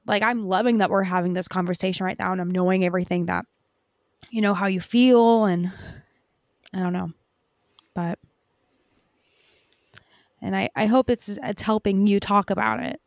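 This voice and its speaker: A woman co-hosting a casual fan podcast, animated and ranting, swearing often and filling her talk with "like". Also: mid-range voice, normal speed, pauses often, no echo, studio quality. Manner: animated, swears a lot, many "like" fillers. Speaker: podcast co-host.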